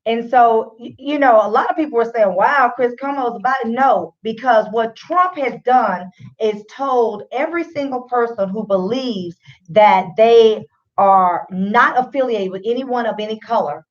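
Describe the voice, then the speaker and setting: A woman's voice: fairly high pitch, a little slow. Chatty woman radio host, a little muffled. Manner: chatty, opinionated, addresses listeners as y'all. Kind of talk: casual commentary.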